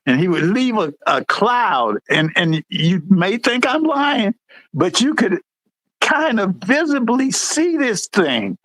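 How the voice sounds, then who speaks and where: A high, bright male voice with a wide swing in pitch. He is a middle-aged veteran telling old service stories in a loose, casual way and acting out every quote. The sound is dry and close, with no room around it. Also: takes it slowly, dry recording, low-quality recording. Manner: animated, jumps high when acting out quotes. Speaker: veteran guest, former Air Force supervisor. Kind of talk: casual storytelling.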